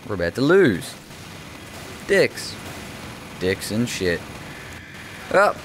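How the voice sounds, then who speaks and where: Brief: young male gamer, lowish slow mumbled commentary with sudden high yelps, lively pitch, faint noise. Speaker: gaming channel host. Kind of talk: casual gameplay commentary.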